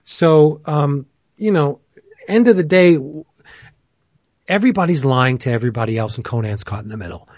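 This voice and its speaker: A man's voice: a little high, expressive, moderate pace, a little mellow, no echo. A man hosting a casual chat who rambles enthusiastically, with plenty of fillers. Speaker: podcast host.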